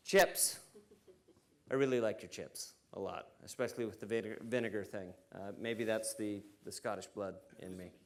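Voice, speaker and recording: American man, mid-pitched, easygoing conference speaker, jokes with the crowd. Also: vocal fry. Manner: relaxed, joking, many fillers. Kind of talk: conference keynote talk. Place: conference stage before an audience.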